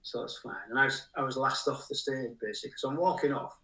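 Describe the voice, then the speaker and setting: Recorded on a distant mic with a roomy sound, this man in his sixties talks fast in a sharp, mid-range voice. He's a musician guest casually telling funny stories, rambling and chuckling at his own tales.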